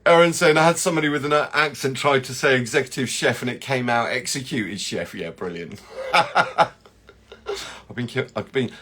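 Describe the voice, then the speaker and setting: A man's voice: medium pitch, moderate pace, pushed and bright. A man, a chocolatier hosting a casual live chat and rambling through viewer comments.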